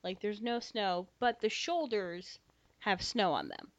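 Young woman, podcast co-host, animated storyteller, swears a lot, dry slightly dull recording. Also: medium pitch, a little slow, no echo. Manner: animated, swears freely, acts out dialogue. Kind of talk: casual storytelling chat.

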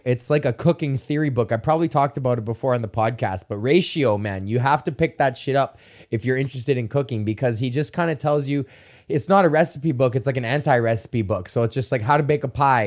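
Rambling, cursing young guy. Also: medium pitch. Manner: swears a lot, rambling and excitable. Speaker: podcast host. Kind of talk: casual solo podcast rant. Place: at home in front of a camera.

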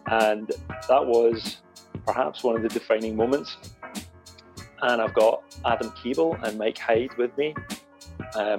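Gravelly-voiced man hosting a podcast. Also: medium pitch, a little mellow, low-quality recording. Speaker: podcast host. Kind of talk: casual podcast chat.

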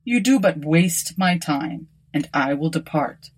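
A woman's voice: low voice, animated, measured pace, husky, full character voice. A woman voicing a proud, scornful young nobleman who speaks haughtily. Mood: haughty. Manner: haughty and dismissive.

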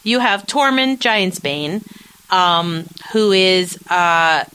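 A woman with a bright, forward tone chats through an episode recap as a podcast co-host. She talks animatedly, jumping between commentary and playful acted-out quotes. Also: lowish voice, drawn-out words, slight background noise, poor audio. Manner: animated, chatty, acts out quotes of characters. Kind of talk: casual chat recapping a TV episode.

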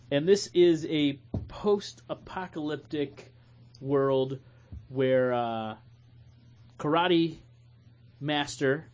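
A man's voice: a little high, a little mellow, lo-fi sound. A man hosting a podcast, bantering loosely and laughing with friends. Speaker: podcast host. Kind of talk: casual podcast chat.

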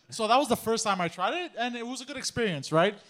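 A man's voice: very high-pitched, animated, a little fast, a bit bright, a little hiss or hum. A man guest on a casual podcast, rambling through a story, laughing and swearing often.

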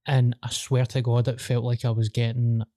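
Glaswegian male podcast host, sweary and animated, dry close sound. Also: medium pitch, normal speed, dry recording. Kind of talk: casual chat.

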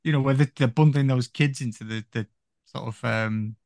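A man with a gravelly, creaky edge to his mid-range voice rambles through film talk as a podcast guest, leaning on "you know" constantly. The recording is dry and close. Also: medium pitch, steady tone, normal speed, darkish tone, dry recording. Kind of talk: casual film chat.

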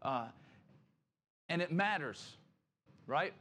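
A man's voice: a little high, expressive, very slow, pushed and bright, slight background noise. A male pastor preaching a conversational sermon, often checking in with "right?" and acting out grumbling complainers in quoted asides.

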